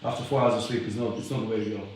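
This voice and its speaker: A man's voice: fairly low pitch, fairly even intonation, rapid-fire, darkish tone, far from the mic, slight background noise. Winded young man in an echoey garage. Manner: laid-back, swearing, chatty and rambling. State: out of breath from lifting. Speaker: fitness vlogger. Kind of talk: casual chat between sets, answering live comments. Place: home garage gym.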